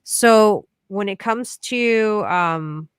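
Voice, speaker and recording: A woman's voice: mid-range voice, extremely slow, clear, resonant tone, no room sound, clean studio sound. A woman hosting a casual livestream Q&A, upbeat and chatty, calling her guest "bro.". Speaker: livestream host.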